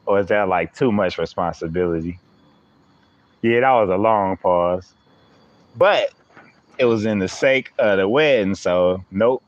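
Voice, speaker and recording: Slow, low-voiced man joking on a stream. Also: highs cut off. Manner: playful, teasing, laughs often. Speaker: live streamer. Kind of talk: joking live-stream chat.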